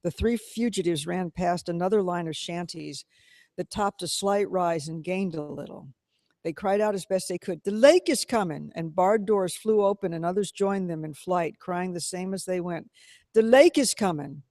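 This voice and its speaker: Guy reading a novel out loud, dramatic, highish voice, dry close sound. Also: dry recording. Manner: measured, dramatic narration. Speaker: reader.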